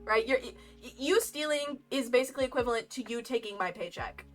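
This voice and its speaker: A young woman telling a casual story while streaming, animated and rambling, laughing often. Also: fairly high pitch, brisk. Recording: lo-fi game music behind.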